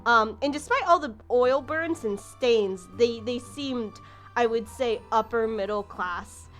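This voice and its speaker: Lady gm narrating a tabletop game, bit high voice, chatty and rambly. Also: slow, a bit bright, soft background music. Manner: casual, many fillers and restarts. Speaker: game master.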